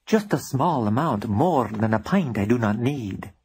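A man doing a husky, pleading vampire. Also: medium pitch, expressive, a little slow, a little mellow, heavily acted. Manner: formal, stiff pleading speech. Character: pleading male vampire, polite and theatrical. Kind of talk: audiobook character reading.

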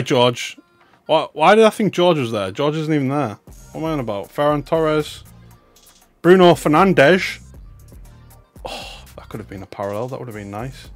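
A young man giving excitable, chatty commentary on a live stream, swinging between loud bursts of hype and muttered asides. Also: mid-range voice. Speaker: livestreamer opening trading cards.

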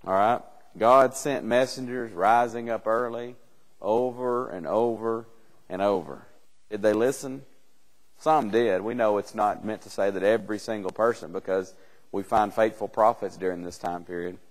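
A man's voice: lowish voice, normal speed, big-room sound. A man teaching a church Bible class in an earnest, conversational way, often repeating words as he builds a point.

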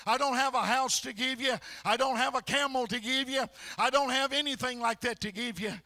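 A preacher acting out an ashamed, repentant woman who pleads and cries out in worship, with loud outbursts. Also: very high voice, steady tone, brisk, dry recording, studio quality, heavily acted. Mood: pleading. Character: repentant weeping woman sinner, ashamed and adoring. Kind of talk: acted sermon illustration.

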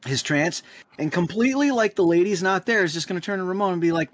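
A man playing in a tabletop game, talking in an animated, rambling way full of fillers. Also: high voice, fast talker, no echo. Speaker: player.

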